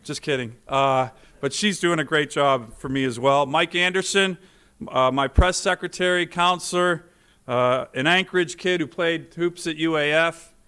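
A man's voice: fairly high pitch, normal speed, bright, forceful tone, clear, resonant tone. A middle-aged man, a senator, giving a formal speech to a legislative chamber, telling anecdotes with self-deprecating jokes.

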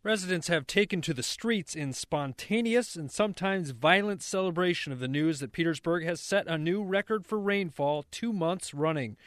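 A man playing a deadpan radio news anchor who reads absurd stories with a straight face. His voice is fairly high and sounds dry and close, with no room sound. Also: no room sound. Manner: deadpan newsreader delivery. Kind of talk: parody news reading.

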